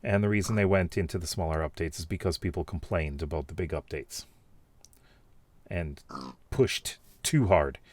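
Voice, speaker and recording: A man's voice: low-pitched, moderate pace. A man casually reading out and reacting to viewer comments, rambling with many fillers and restarts. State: has the hiccups.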